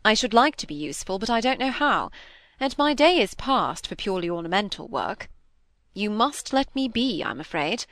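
A woman reading aloud, voicing a tired, plaintive young gentleman with mild gallantry. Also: mid-range voice, big pitch swings, normal speed, no room sound, studio quality.

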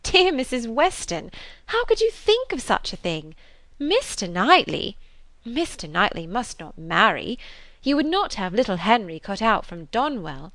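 A woman reading as a lively, headstrong young woman who talks emphatically and exclaims often. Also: fairly high pitch, a little slow, dry recording, heavily acted. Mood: indignant. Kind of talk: audiobook character reading.

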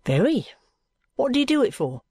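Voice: mid-range voice, sing-song, normal speed, darkish tone, breathy edge, no room sound, clean studio sound, pitched above the performer's own voice. A reader voicing a pompous, touchy young male law clerk who protests at length in flowery, wounded terms. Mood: curious. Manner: wordy, injured remonstrance.

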